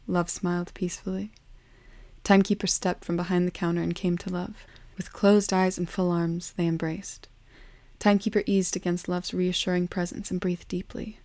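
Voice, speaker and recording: Calm woman storyteller, low even delivery, dry close sound. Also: moderate pace, no room sound. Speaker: narrator. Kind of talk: storybook narration.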